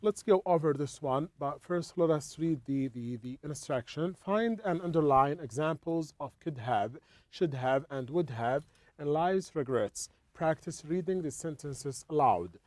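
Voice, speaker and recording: Halting teacher explaining English grammar, a man. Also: on the high side, animated, a little mellow, no room sound. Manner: halting, repeats words while explaining. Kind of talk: explaining a textbook lesson.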